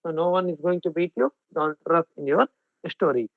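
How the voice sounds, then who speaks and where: Male Indian English tutor, raspy and high, mixes in Hindi, heard over a tinny, dry line. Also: normal speed, no room sound. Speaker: exam coaching teacher. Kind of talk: online class lecture. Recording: phone-like narrow band, dry.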